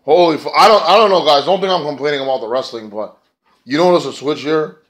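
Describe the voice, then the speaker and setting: A man's voice: on the high side, fast talker. Profane rambling male reviewer. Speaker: wrestling show reviewer. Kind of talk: casual spoken review.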